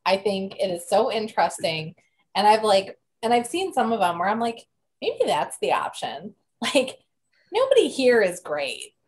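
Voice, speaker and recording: A woman's voice: medium pitch, very animated, moderate pace. A young woman from the United States co-hosting a podcast, chatting casually with frequent laughs and fillers. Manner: chatty, giggly, lots of fillers. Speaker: podcast co-host. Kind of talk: casual chat.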